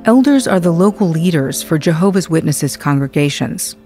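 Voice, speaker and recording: Woman narrator, lower voice, measured reading, faint music. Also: expressive, warm tone. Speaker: documentary narrator. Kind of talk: scripted narration.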